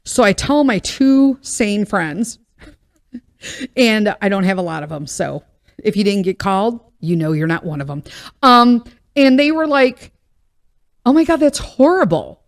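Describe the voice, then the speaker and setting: A woman podcast host in a casual storytelling monologue, with a voice that rises and dips across a lively pitch range. She is blunt and profane, venting with plenty of swearing. She often turns wry and laughs at herself. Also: measured pace.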